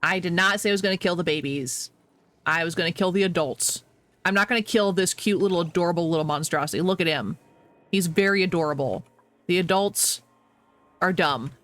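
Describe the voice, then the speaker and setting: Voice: mid-range voice, fairly quick, a bit bright. A game streamer chatting casually to viewers while playing, laughing often and apologizing a lot. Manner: talks to chat, reacting to the game.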